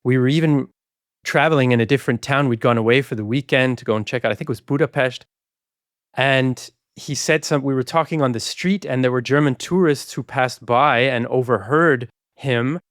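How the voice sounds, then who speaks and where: A man's voice: mid-range voice, normal speed, no room sound, clean studio sound. A man co-hosting a podcast, telling a casual personal story in a chatty way. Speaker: podcast co-host. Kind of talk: casual anecdote.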